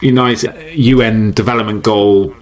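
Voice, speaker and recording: A man speaking as a podcast guest, explaining ideas in an animated way, often repeating words and laughing easily. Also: lowish voice, unhurried. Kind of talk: conversational podcast interview. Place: based in the UK.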